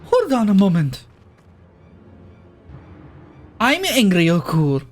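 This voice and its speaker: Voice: mid-range voice, wildly swooping pitch, moderate pace, soft background music. A video game player voicing a tough, straight-talking woman clan leader with a drawling folksy accent that wanders as the lines go on. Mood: angry. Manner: drawling, uses "ain't". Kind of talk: reading game dialogue aloud in character.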